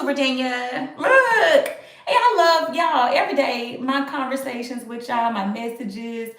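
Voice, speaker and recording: Woman, upbeat live stream chat, fairly high voice, echoey room. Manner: animated, upbeat, talks straight to viewers. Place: at home.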